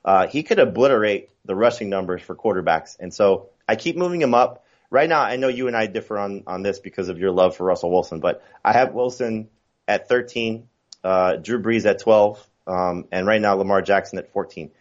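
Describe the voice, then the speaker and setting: A man's voice: on the low side, fairly quick, muffled recording. A man talking fantasy football as a podcast guest, chatty and full of fillers and restarts. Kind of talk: casual podcast chat.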